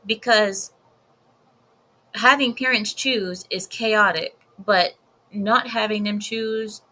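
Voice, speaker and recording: A woman video commentator delivers blunt, emphatic takes in a casual vlog, often repeating herself for effect. Her voice is medium-pitched, bright and forceful, and the recording is rough.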